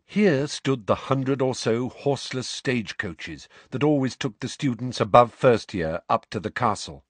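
A man reading a storybook aloud as narrator, measured and expressive. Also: medium pitch, breathy edge, no room sound. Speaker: audiobook narrator.

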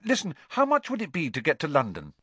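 A man's voice: a little high, huge pitch swings, a bit bright, slightly rough, dry recording, pitched above the performer's own voice, full character voice. A man voicing a wary, nervous teenage boy wizard who answers hesitantly. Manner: hesitant and quick to deflect.

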